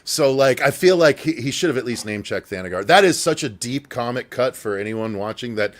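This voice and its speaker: A man's voice: mid-range voice, lively intonation, fairly quick. A man hosting a casual movie panel, swearing freely and leaning on "like" fillers. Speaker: host.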